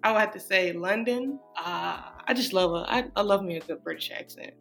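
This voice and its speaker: A woman's voice: medium pitch, a little fast, creaky, fairly bright tone, soft background music. A woman, chatting casually as a podcast co-host, rambling and laughing often. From Atlanta, USA. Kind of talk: casual chat.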